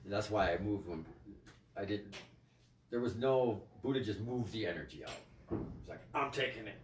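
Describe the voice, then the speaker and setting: A man's voice: on the low side, animated, moderate pace, a little mellow, a little hiss or hum. A man leading a spiritual group on a livestream, talking in a profane, scolding way. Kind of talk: livestream talk. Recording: echoey room, mic at a distance.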